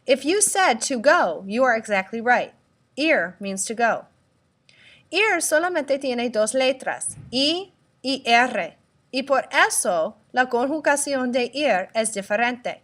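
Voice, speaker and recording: Woman language teacher, fairly high and bright tone, deliberate tutorial delivery with repeat-after-me prompts. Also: animated. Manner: slow, deliberate, spells out letters and prompts repetition. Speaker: Spanish teacher. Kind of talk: recorded classroom tutorial.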